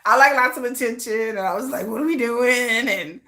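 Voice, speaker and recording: A woman hosting a casual livestream, chatty and high-energy, who laughs often and acts out playful scenes. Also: a little fast, bright, forceful tone. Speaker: livestream host.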